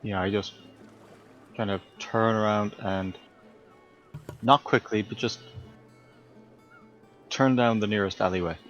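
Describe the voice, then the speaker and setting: A man playing a tabletop game, halting and thinking aloud as he decides. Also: fairly low pitch, fairly even intonation, highs cut off, faint music behind. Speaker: player.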